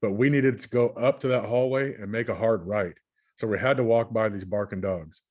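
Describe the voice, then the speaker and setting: Sharing his screen, a Californian man who hosts a channel talks through his dreams in a loose, rambling way, frequently restarting and repeating himself. He speaks on the low side at a moderate pace, with fairly even intonation and a darkish tone.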